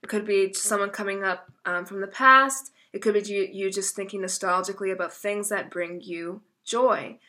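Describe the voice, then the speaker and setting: Young woman tarot reader, bright, crisp tone, casual and chatty, emotional, stops herself mid-sentence. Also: medium pitch, steady tone, moderate pace, few pauses. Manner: chatty, self-interrupting, emotional. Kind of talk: casual tarot reading video.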